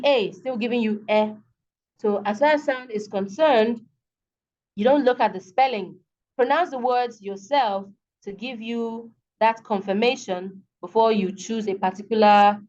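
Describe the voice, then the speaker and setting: A woman's voice: mid-range voice, a little mellow, lo-fi sound. Nigerian woman teaching over video call. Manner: explains patiently, checks understanding with questions. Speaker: English teacher. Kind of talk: online tutorial lesson.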